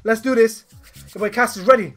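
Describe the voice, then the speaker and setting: High-voiced hyped man. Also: very fast. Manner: hyped, shouts when thrilled. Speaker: gaming channel co-host. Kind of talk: excited game summoning commentary.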